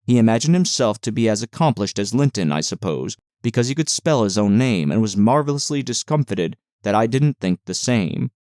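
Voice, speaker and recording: Low-voiced man reading a classic novel. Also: animated, fairly quick, few pauses, a little mellow, no room sound, studio quality. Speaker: audiobook narrator. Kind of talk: scripted narration of a classic novel.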